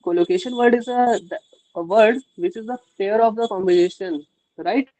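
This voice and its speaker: Hesitant student with a dark voice. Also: male voice, high-pitched, normal speed, low-quality recording. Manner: hesitant, polite, says ma'am often. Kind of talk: asking questions in online class.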